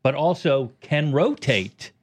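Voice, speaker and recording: A middle-aged comedian from the United States, chatting as a podcast guest and explaining things in quick restarts. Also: male voice, a little high, animated. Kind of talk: casual podcast chat.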